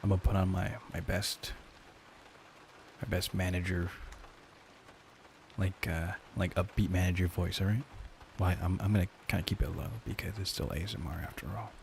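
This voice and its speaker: A man's voice: low voice, fairly even intonation, moderate pace, vocal fry, a little hiss or hum. A man chatting casually and hesitantly in an ASMR stream, with many restarts.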